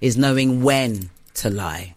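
A woman's voice: a bass voice, slow pace, darkish tone, no echo. A woman hosting a casual quiz among friends, chatty and giggly, often laughing at her own slips. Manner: giggly, chatty, self-deprecating. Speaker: quiz host. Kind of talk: casual game-show chat.

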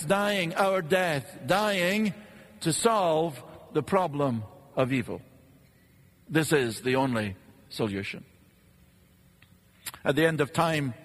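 A man preaching a sermon in an earnest, measured way, posing rhetorical questions and pausing for effect. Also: a little high, fairly bright tone. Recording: long reverb of a large hall.

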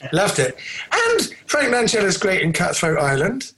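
A man's voice: high-pitched, wildly swooping pitch, unhurried, noisy background. A man co-hosting a casual film podcast, rambling through trivia with many fillers and restarts. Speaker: podcast co-host.

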